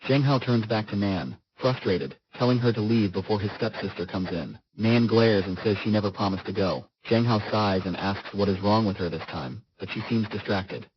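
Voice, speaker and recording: A man with a fairly low voice reads a scripted comic recap at a steady, even storytelling pace. The recording is muffled and lo-fi, and a clear hiss sits under his voice throughout. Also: normal speed, few pauses. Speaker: recap narrator.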